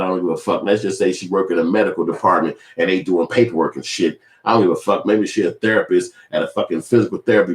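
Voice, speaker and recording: A man giving casual, profane, rambling commentary as a vlogger. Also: deep voice. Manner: profane, rambling, acts out other people's voices. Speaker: vlogger commenting on celebrity feud. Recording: roomy echo.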